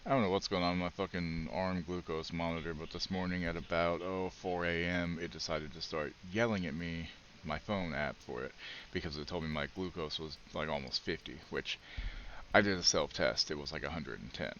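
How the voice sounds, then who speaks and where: A man's voice: low-pitched, normal speed, a bit bright, dull audio, slight background noise. A man chatting casually on a live game stream, rambling and swearing freely. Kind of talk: casual live gameplay chat.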